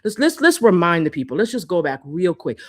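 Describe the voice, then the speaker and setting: A woman's voice: fairly low pitch, very animated, fairly quick. A woman hosting a live-stream commentary, heated and profane, hammering her points with repeated rhetorical jabs into a phone. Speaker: host.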